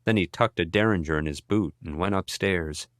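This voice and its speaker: Male audiobook narrator, low voice, dry close sound, measured read. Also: no echo. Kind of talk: scripted narration.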